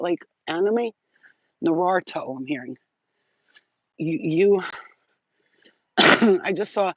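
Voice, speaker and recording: A woman with a deep voice gives a casual live psychic reading, chatty and rambling, swearing and laughing often. The recording is lo-fi with no room sound.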